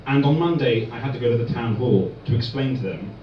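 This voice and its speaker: A man performing a stand-up comedy set in a club, telling deadpan one-liners. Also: medium pitch, quick pace, recorded from a distance, slight background noise. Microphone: far phone recording. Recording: echoey dull phone recording from afar.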